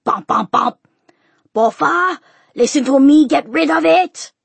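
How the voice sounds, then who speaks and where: A woman's voice: mid-range voice, normal speed, slightly rough, dry recording. A woman voicing a bellowing grumpy old father. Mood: angry. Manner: shouting, broken English. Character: gruff shouting old father, bad-tempered.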